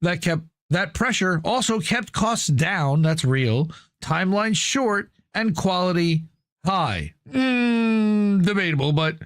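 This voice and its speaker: A man's voice: high voice, lively intonation, slow, dry recording, clean studio sound. A man hosting a talk show, reading an article aloud and commenting in a casual, profane way. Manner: profane, conversational, reads aloud then comments. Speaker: news show host.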